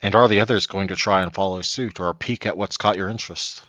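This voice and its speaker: A man with a low voice narrates a tabletop game as game master. He goes at an unhurried pace and stops often to search for words. His voice sounds dry and close. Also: steady tone, fairly bright tone, dry recording.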